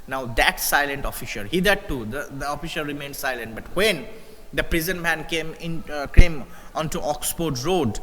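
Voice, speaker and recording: A man's voice: a little high, moderate pace, bright, forceful tone, a little hiss or hum. Indian man teaching a story in a hall. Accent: Indian English. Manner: reads a passage, then explains it with fillers and repeats. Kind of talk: live English literature lesson.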